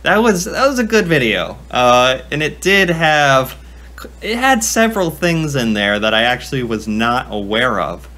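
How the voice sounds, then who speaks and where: A young man with a bright, forward tone at an ordinary pitch. He talks in a chatty, self-mocking way, thinking out loud and often breaking into laughter as he reacts. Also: animated, a little slow. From United States. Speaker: reaction video creator. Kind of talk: casual reaction commentary.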